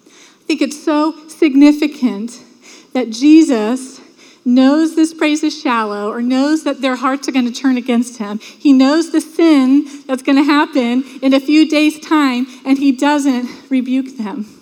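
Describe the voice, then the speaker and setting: A woman's voice: high voice, unhurried, a little mellow. A woman preaching a sermon in a church, talking earnestly and conversationally and acting out the voices of the crowd. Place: church sanctuary. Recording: long hall reverb.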